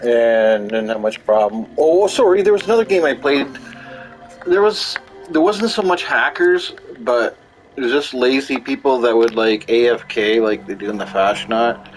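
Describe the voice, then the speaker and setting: Game music plays beneath a man's medium-pitched, lively voice as he streams at a moderate pace, the recording low in quality. He swears freely while rambling through stories in casual gaming chat.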